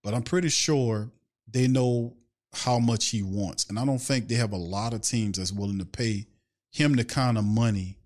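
A man with a medium-pitched, slightly mellow voice speaks at normal speed while hosting a sports fan podcast. His casual, ranting commentary is full of rhetorical questions, and he reads out and answers viewer questions from the chat.

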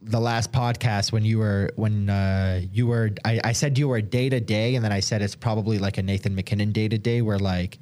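A man's voice: lowish voice, fairly even intonation, fairly quick, few pauses, a little mellow. Chatty young man, rambling sports talk. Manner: rambling, lots of "like" fillers. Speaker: sports podcast co-host; hockey reporter. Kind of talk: casual chat.

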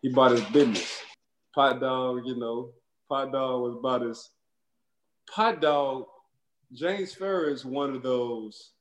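A man, a former football player, telling animated stories in casual chat and laughing as he goes. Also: mid-range voice, reverberant.

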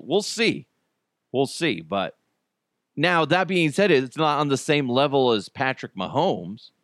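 Profane, animated male podcast host, dry sound. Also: medium pitch, no room sound. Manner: profane, swears freely; animated, laughs at his own jokes. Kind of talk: casual solo rant.

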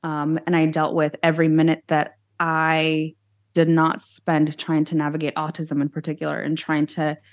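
A woman with a low, full voice speaks as a guest on an interview show. She is frank and plain-spoken, telling her own story in an animated, candid way. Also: moderate pace. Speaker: guest, social media influencer.

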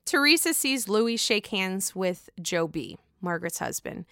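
A woman chats through a reality show recap in a bright, tense voice. Her tone is smooth and crisp, and the sound is dry and close. She talks in a gossipy, animated way and swears freely. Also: medium pitch, unhurried, no room sound. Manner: gossipy, profane, animated reactions. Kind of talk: casual recap vlog.

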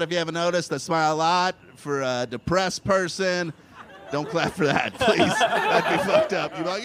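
High-voiced man doing stand-up. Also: moderate pace. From Kentucky. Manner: wry, self-mocking, punchy asides to the crowd. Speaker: stand-up comedian. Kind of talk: stand-up comedy set. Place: comedy club stage. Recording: loud crowd laughter and room noise. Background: laughing and clapping audience.

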